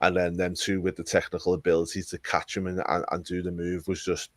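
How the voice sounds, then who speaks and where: A man's voice: low-pitched, monotone, fairly quick, dry recording. A man co-hosting a casual wrestling review podcast, enthusiastic and rambling, repeating words for emphasis. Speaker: podcast co-host.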